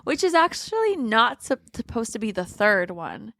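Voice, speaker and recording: A woman co-hosting a book podcast in relaxed, wry, matter-of-fact casual chat. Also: on the high side, moderate pace, no echo, clean studio sound. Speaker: podcast co-host.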